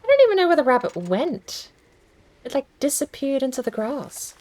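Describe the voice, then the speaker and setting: A woman's voice: sits high, very animated, normal speed, a little mellow, a little hiss or hum, rough recording. A woman streaming a video game, chatting casually and thinking aloud in a rambling, self-deprecating way. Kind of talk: casual gaming stream chat.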